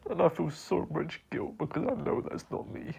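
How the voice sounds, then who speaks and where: A man crying as he talks through an apology, halting and choked, with long pauses, sighs and breathy half-whispered words. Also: fairly high pitch, fairly even intonation, darkish tone. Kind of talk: tearful personal apology monologue.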